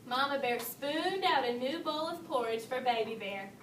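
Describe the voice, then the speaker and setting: High-voiced woman reading a storybook. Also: normal speed, recorded from a distance. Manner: expressive read-aloud, raising pitch for the bears' lines. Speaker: storybook reader. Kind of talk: reading a children's story aloud. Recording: echoey room, voice from off-mic, faint hiss.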